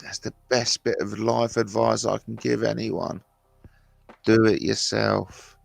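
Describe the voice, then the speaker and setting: Gravelly low-voiced man chatting. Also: measured pace, no echo, soft background music. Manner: chatty, blunt banter with swearing. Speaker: livestream host. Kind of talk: casual livestream chat.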